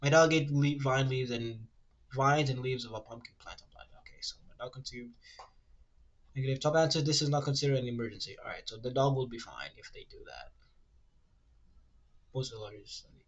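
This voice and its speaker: A man streaming casually while he draws, rambling and ranting, swearing freely and reading web answers aloud in a quick mumble. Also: lively intonation, highs cut off. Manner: rambling, ranty, swears freely, fillers like "low-key" and "like"; reads web search results aloud in a rushed mumble. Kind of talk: casual livestream chat while drawing.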